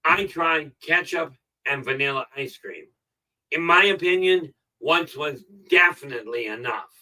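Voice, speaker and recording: A middle-aged man giving a casual motivational talk on a live stream, rambling and filling pauses with "okay". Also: a little high, bright, forceful tone, far from the mic, rough recording. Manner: rambling, frequent "okay" fillers. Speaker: self-help live streamer.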